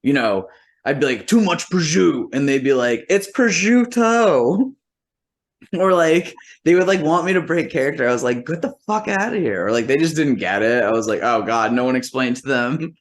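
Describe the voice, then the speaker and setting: Speaking a little fast in a mid-range voice, this male musician and comedian spins a long, casual anecdote. His delivery is rambling and profane, heavy on "like" fillers, and he roughly imitates the people he quotes.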